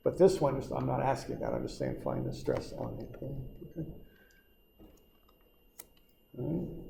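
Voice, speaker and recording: Man, engineering instructor, classroom lecture, gravelly, echoey room. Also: mid-range voice, measured pace. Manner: relaxed, repetitive, reassuring explaining. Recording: echoey classroom with faint noise.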